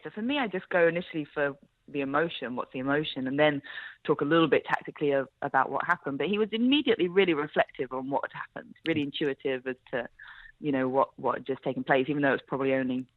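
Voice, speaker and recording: A woman's voice: low voice, no room sound. A woman being interviewed over an internet call, talking in a friendly, easy way and laughing often. The line is thin and tinny, like a phone. There is no room sound around her. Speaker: interview guest, sports reporter.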